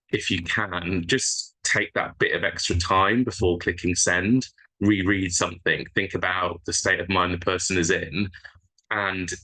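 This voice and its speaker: A man from a charity's helpline team, explaining listening and messaging tips in a conversational, halting way with frequent restarts. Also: low-pitched, bright, forceful tone, rough recording. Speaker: charity helpline staff member.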